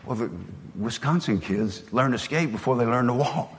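A man's voice: mid-range voice, expressive, normal speed, husky. Older man speaking in a reverberant hall. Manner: earnest, storytelling, drops soft for emotional moments. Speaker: motivational speaker, former football coach. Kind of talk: motivational speech with personal stories.

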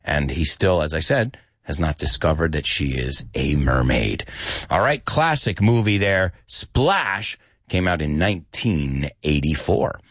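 A man teaching English with movie scenes, acting out lines in a lively voice and adding short glosses. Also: unhurried, dry recording, studio quality. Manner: lively, acts out quoted lines in higher pitch, mixes in Spanish glosses.

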